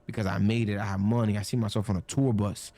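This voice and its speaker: A man's voice: lowish voice, little pitch movement, fast, dark tone. A young man telling a personal story casually, rambling with many fillers and acting out the quoted lines. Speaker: storyteller guest.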